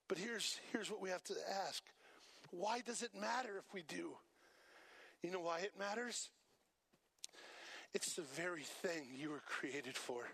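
A man preaching a sermon as pastor, animated and asking the congregation to repeat lines after him. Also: sits high, measured pace, gravelly, pauses often, slightly rough, dry recording.

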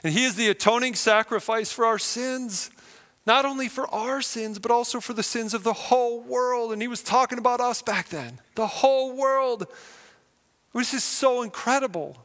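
A male pastor preaching a sermon with animated, vivid storytelling in a church hall. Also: very high voice, normal speed. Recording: long hall reverb.

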